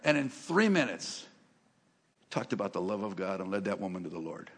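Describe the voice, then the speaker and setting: A man with a rough, fry-edged voice delivers a sermon and personal testimony. He tells his stories with humor and then lifts into loud, emphatic preaching. The sound carries the long reverb of a large church sanctuary. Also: lowish voice, unhurried, pauses often. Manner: animated, joking storyteller who rises to loud emphasis. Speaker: guest preacher.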